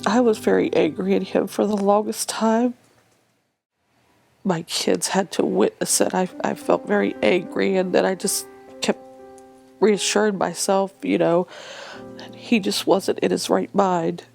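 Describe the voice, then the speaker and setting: Woman, gravelly mid-pitched voice, halting interview recollection, soft music underneath. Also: fairly even intonation. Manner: halting, repeats "he said" and restarts. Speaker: widowed mother interviewed. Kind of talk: recounting a personal story in an interview.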